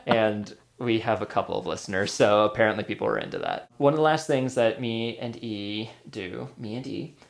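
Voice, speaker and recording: A man's voice: lowish voice, big pitch swings, normal speed, creaky, few pauses. A man hosting a casual movie podcast, quizzing his guest in a playful, chatty way. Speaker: podcast host.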